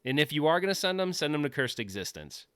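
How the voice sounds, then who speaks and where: A man's voice: fairly high pitch, big pitch swings, fast talker, fairly bright tone, clean tone, no room sound. A man hosting a casual livestream from his home office, rambling and joking, often laughing at himself. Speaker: livestream host.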